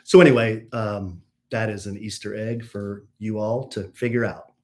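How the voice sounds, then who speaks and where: A man's voice: lowish voice, steady tone, normal speed, a little mellow. A man co-hosting a podcast in casual chat, playful as he reads listener letters aloud. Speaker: podcast co-host.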